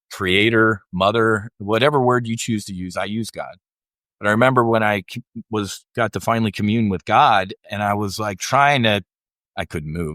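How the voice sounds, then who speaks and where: A man's voice: lowish voice, fairly bright tone, no room sound, clean studio sound. A middle-aged man, a military veteran guest on a podcast, telling a candid personal story in a rambling way, restarting often and acting out the voices of people he quotes.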